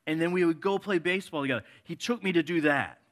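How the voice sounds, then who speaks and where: A man preaching a sermon in a conversational way, moving between soft and emphatic delivery and reading scripture passages aloud. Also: a little high, fast talker.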